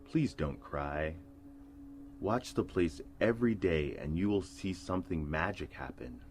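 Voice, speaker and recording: A man voicing a gentle, weary old male eel who was once a king, speaking slowly and softly. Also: sits low, animated. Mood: tender. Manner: slow, soft and kindly. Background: music.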